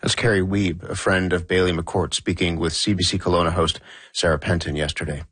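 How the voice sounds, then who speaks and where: A man hosting a current affairs radio program, introducing stories and interviewing guests in a measured, composed way. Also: low voice, flat delivery, a bit bright, slightly rough, no echo. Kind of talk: news radio presenting and interviewing. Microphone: studio microphone.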